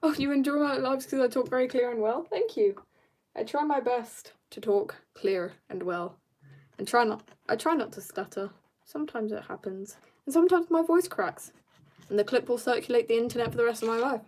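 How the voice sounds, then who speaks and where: Slightly high-pitched and a little mellow, she speaks fairly quickly as she draws on a livestream. The woman, from South Africa, is at home in an upstairs room, chatting informally and answering comments from her audience.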